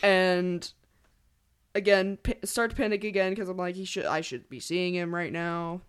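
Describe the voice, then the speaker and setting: A young woman in her teens chatting casually, telling a hiking story with animated quoted voices. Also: fairly low pitch, moderate pace, smooth. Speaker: daughter of the host. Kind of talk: casual family podcast chat.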